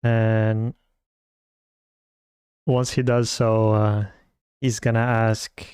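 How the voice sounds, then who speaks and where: Slow-talking guy at d&d, smooth clear voice, dry close mic, lots of uhs. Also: fairly low pitch, little pitch movement, darkish tone, no echo. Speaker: player. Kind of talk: casual tabletop play.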